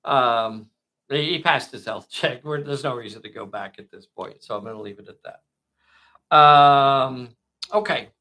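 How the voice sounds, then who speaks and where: A man whose first language is not English, narrating a tabletop miniatures game with slow, dramatic play-by-play. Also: medium pitch, bright, forceful tone.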